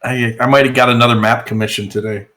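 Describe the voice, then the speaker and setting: A man runs a tabletop game in an easygoing, rambling way, filling pauses as he goes. His voice sits at an ordinary middle pitch. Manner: relaxed, rambling with fillers. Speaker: game master.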